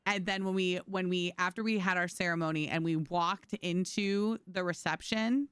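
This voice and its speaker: Playing on stream, this woman talks casually with her audience, sharing stories and laughing a lot. Her lowish voice is clear, resonant, and fairly bright, with fairly even intonation at normal speed; the studio sound is clean with no room sound.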